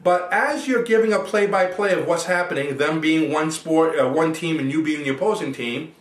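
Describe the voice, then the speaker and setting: A man's voice: fairly high pitch, moderate pace, roomy sound, far from the mic. A man coaching listeners through a self-help exercise and explaining it in plain steps. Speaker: NLP coach. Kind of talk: instructional self-help talk.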